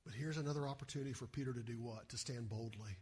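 A male pastor giving an animated sermon and often asking the listeners rhetorical questions. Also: medium pitch, fast talker, breathy edge.

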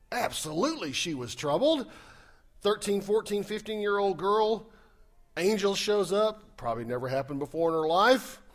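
Pastor preaching in a fairly high voice. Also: male voice. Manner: conversational preaching with sarcastic asides and shifts from loud to soft. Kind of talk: sermon.

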